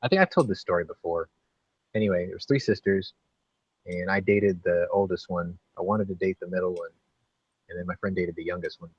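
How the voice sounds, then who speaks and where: A man's voice: low-pitched, brisk, husky. A man hosting a casual online hangout, telling long rambling stories, swearing and laughing a lot over a video call. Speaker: host of a gun channel hangout. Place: home, live video hangout. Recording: dull lo-fi dry sound.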